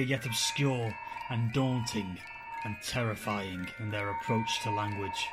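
Male narrator, slow spooky storytelling delivery. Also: mid-range voice, low-quality recording.

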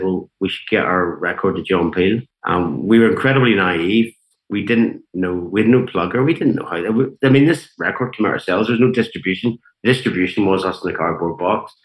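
Heard over poor audio, a very deep-voiced, middle-aged guest guitarist from Northern Ireland chats casually in an interview, his voice a bit bright. His wandering anecdotes are filled with fillers and his own renditions of what others said.

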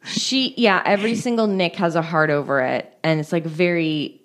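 A woman's voice: lowish voice, normal speed. A woman co-hosting a casual chat, retelling film scenes with many fillers. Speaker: podcast co-host.

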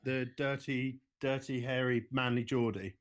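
A man's voice: mid-range voice, flat delivery, measured pace. A man with a British accent co-hosting a podcast in casual chat, dry and joking. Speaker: podcast co-host.

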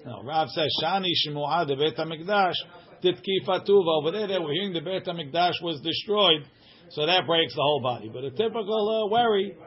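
A man teaching a small study group reads aloud and translates each line as he goes. He often asks "right?" and his voice sits a little high. The recording sounds dull and lo-fi. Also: a little fast. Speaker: Talmud teacher.

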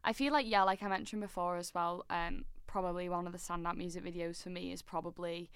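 A woman co-hosting a podcast, talking in a quick, excitable way and sometimes singing little bits of melody. Her voice sits a little low and sounds smooth and clear. The sound is dry and close, with no room echo. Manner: chatty and excitable, bursts into sung snippets. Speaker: podcast co-host. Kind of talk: casual chat.

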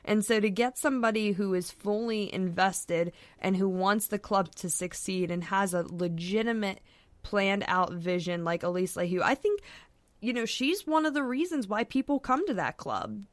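A woman's voice: mid-range voice, expressive, moderate pace, no room sound. A woman guest on a podcast talking casually, with frequent fillers and restarts. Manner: chatty, many fillers and restarts. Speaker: podcast guest, soccer writer.

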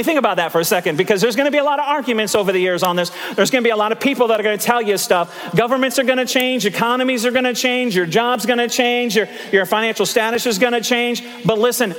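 A man in his fifties, a pastor, preaching a sermon in a church sanctuary in an animated, conversational way, telling stories and making asides to the congregation. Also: very high voice, fast, few pauses, in a large hall. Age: 50s.

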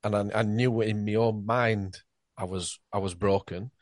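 A man hosts a podcast in casual conversation and swears now and then. His voice is fairly low. The recording is dry and close. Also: fairly even intonation, a little slow, no room sound. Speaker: podcast host.

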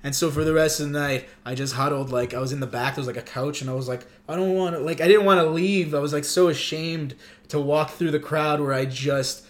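Male comedian from Montreal, slightly high voice, rambling and self-mocking storyteller. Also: fairly even intonation, brisk. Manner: rambling, profane, self-deprecating. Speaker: comedian guest. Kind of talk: casual storytelling chat.

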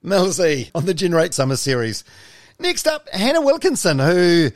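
A man's voice: sits high, sing-song, moderate pace, background noise. A New man, the podcast host, introducing clips in a conversational, offhand way. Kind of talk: recorded introduction.

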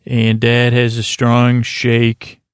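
A man's voice: medium pitch, monotone, drawn-out words, clean tone, no room sound. A man hosting a podcast, recapping an episode in a casual, rambling way with lots of hesitant fillers. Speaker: podcast host.

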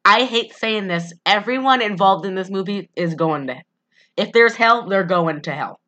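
A woman in casual chat, rambling and animated, often laughing as she talks. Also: medium pitch, normal speed. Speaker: podcast co-host.

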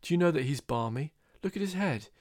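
A man's voice: a little high, animated, fairly quick, darkish tone, dry recording, studio quality, lightly acted. A man reading the lines of a male pub drinker who mocks and jeers. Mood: mocking. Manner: jeering, laughing.

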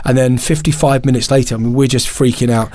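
A man, a podcast guest, telling a candid personal story in an animated, emotional way, often restarting and laughing at himself. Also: mid-range voice, fast talker.

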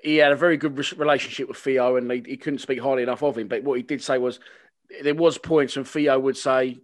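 A man hosting a casual interview, asking quick questions and backing up his guest. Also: medium pitch, steady tone. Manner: rapid-fire questions and short backchannels. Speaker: podcast host, interviewer.

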